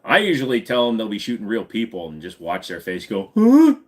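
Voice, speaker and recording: Lively man hosting a live stream. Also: on the low side, fast, husky. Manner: answers viewer questions, slips into silly voices. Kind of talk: casual live-stream chat.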